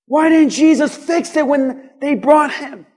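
A man preaching in a church with a very high voice. He speaks slowly and leans on repeated lines, climbing toward a shout at times. His delivery is that of a pastor working a congregation. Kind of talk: sermon.

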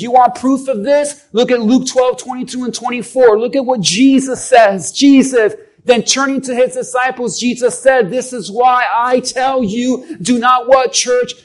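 A man's voice: very high voice, steady tone, unhurried, low-quality recording. A man preaching a sermon as a pastor, emphatic and calling on the congregation to respond.

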